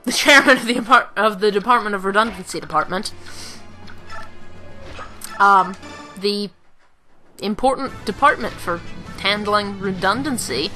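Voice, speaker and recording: In a mid-range voice with a sharp tone, a woman delivers let's play commentary that wanders casually. She giggles often and keeps making jokes at her own expense.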